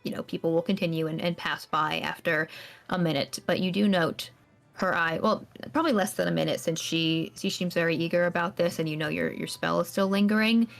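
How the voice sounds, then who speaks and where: A woman's voice: on the low side, steady tone, a little fast, vocal fry, faint music behind. A woman narrating as game master, describing scenes in a rambling way with many fillers.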